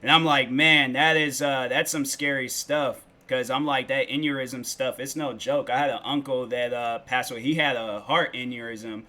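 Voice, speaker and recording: Bright-voiced young male streamer, rambling. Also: medium pitch, fairly even intonation, normal speed, few pauses. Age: 20s. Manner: rambling and loose, with lots of "like" and "bro". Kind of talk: casual livestream chat with viewers.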